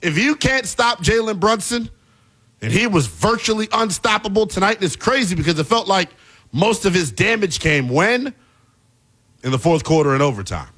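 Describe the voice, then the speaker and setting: A man hosting a basketball talk show, delivering an animated, exasperated commentary rant with plenty of emphasis. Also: high-pitched, moderate pace. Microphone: earpiece in studio.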